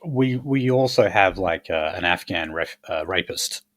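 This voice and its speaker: A man's voice: low-pitched, animated, a little slow, fairly bright tone. A man hosting a casual political chat, blunt and crude, rambling with many fillers. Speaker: podcast host.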